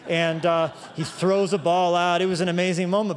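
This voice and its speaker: A man's voice: high-pitched, steady tone, a little fast, few pauses, in a large hall. A man preaching a sermon as pastor, emphatic, stretching out key phrases for weight.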